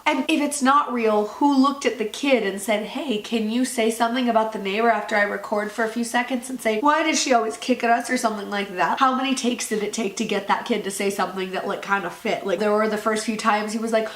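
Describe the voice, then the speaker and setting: A woman's voice: fairly high pitch, fairly even intonation, a little fast, few pauses, echoey room. A young woman from North Carolina giving a chatty, incredulous commentary for her vlog, using "like" a lot. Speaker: YouTuber.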